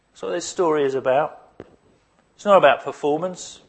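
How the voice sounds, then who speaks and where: Man, pastor, sermon, emphatic, rhetorical questions, higher-pitched voice. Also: moderate pace, long pauses.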